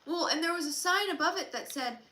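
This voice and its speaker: A woman's voice: very high-pitched, fairly quick, pushed and bright, poor audio. A woman co-hosting a casual livestream, chatting and rambling with lots of fillers while she eats. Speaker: livestream co-host.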